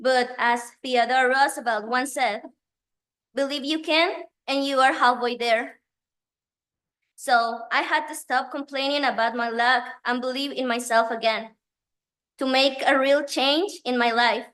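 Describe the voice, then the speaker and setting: A woman whose first language is Spanish reads a prepared graduation speech, nervous and emotional, pausing as she goes. Her voice is high-pitched and a bit bright, with fairly even intonation.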